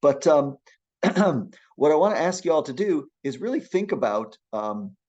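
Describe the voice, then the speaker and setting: A middle-aged man teaching a public speaking class, lecturing in an energetic, encouraging way with frequent restarts. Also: fairly high pitch, unhurried, dull audio.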